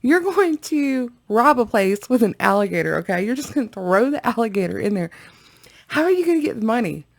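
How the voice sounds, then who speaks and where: A woman's voice: fairly high pitch, very animated, a little fast, gravelly. A woman hosting a reaction video, chatting casually and rambling to her viewers with frequent giggles.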